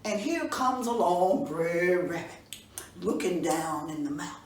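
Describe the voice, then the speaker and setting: A woman storyteller narrating a folk tale for children in an expressive, folksy way. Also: on the low side, a little slow. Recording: roomy echo from a distance, faint room noise.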